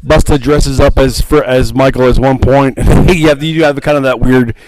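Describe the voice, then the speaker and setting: A man talks casually through a movie plot on a podcast, filling gaps with ums and quick laughs. His voice sits at an ordinary pitch and sounds close and dry, with no room around it. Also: steady tone, a little mellow, no room sound, poor audio. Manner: rambling, laughs often, many fillers. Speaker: podcast co-host. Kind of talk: casual movie review chat.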